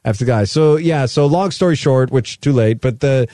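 A man's voice: medium pitch, normal speed, warm tone, dry recording, clean studio sound. A man in his thirties hosting a podcast, telling long rambling stories in casual chat. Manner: rambling storyteller, acts out his sons' voices. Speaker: podcast host.

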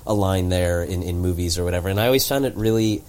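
A young man guesting on a podcast, talking casually with halting restarts and frequent agreement. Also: low-pitched, a little mellow. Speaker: guest actor. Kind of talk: casual interview chat.

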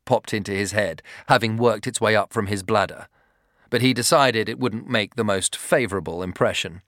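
A man's voice: on the low side, normal speed, a bit bright, no echo. Man narrating a story, dry sound. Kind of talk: scripted narration.

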